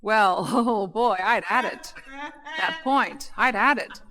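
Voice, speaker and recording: A woman's voice: mid-range voice, expressive, slow pace, sharp tone. A middle-aged woman comedian telling a stand-up story to a live audience, with brassy timing on each punchline, from an old 1960 comedy album. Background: audience laughter.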